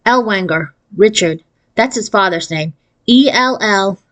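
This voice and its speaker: A woman voicing a sharp, teasing fifth-grade girl in a storybook read aloud. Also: mid-range voice, unhurried, natural voice.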